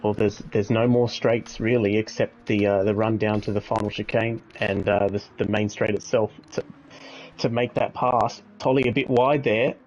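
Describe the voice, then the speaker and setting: A man giving calm, analytical co-commentary on a sim race, with small restarts. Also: fairly low pitch, moderate pace, highs cut off, slight background noise. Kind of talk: live sim racing commentary.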